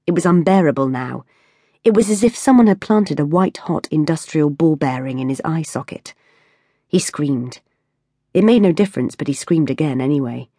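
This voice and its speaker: Audiobook narrator: low-voiced, husky woman, measured read, dry close mic. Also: animated, dark tone, no echo. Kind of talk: scripted narration.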